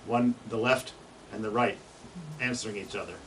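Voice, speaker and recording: A man's voice: lowish voice, fairly even intonation, normal speed, very noisy. A man giving an informal slide presentation on birds to an audience, chatting, asking them questions and imitating bird songs in words. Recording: distant mic with loud bird recordings playing.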